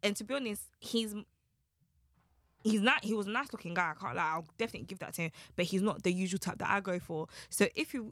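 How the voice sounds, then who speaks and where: A woman's voice: medium pitch, quick pace, fairly bright tone, dry recording, clean studio sound. Frank young woman hosting a podcast. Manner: frank, candid, lots of listening murmurs. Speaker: podcast host. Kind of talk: casual podcast chat.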